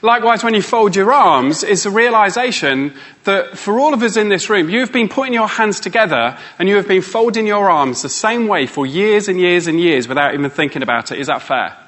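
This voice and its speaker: A man's voice: sits high, animated, brisk, a bit bright. Playful man leading a workshop. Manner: playful, teasing, coaxing the audience. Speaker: motivational speaker. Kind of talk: live workshop talk to an audience.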